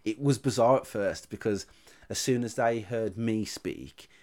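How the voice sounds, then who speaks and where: A man from England, hosting a casual podcast chat in a relaxed, hesitant way with frequent "um"s. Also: lowish voice, measured pace. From England, Jamaican heritage.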